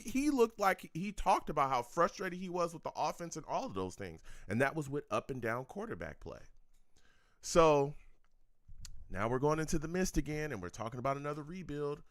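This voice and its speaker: A man hosting a live sports talk stream, his pitch swinging up and down as he riffs, repeats himself and breaks into laughs. His voice is mid-pitched and sits close on a dry, close microphone with no room around it. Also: fairly bright tone, no echo. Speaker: sports talk show host.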